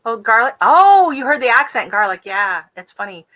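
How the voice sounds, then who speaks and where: A woman from the West Coast of the United States hosting a casual gardening livestream, talking quickly and chattily with easy giggles. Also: fairly high pitch, bright, forceful tone, poor audio. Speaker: gardening channel host.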